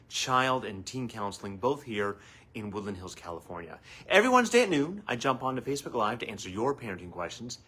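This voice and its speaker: A man hosting a live advice talk as a family therapist, animated and acting out quoted voices. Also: fairly low pitch, husky.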